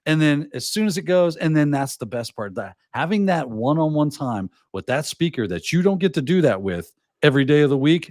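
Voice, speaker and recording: A podcast host leads a casual live show, handing out advice and playing out small scenes in quoted voices with lots of animation. His voice sits on the higher side, and the dry recording has clean studio sound.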